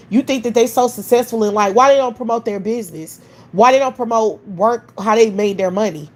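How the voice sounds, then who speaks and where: A woman's voice: medium pitch, a little mellow. Heated, profane woman ranting. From United States. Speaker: livestream host. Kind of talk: livestream rant.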